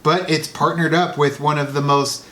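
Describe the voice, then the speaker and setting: A man co-hosting a casual film discussion who steers the talk along and drops lively asides. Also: on the high side, normal speed. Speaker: podcast co-host.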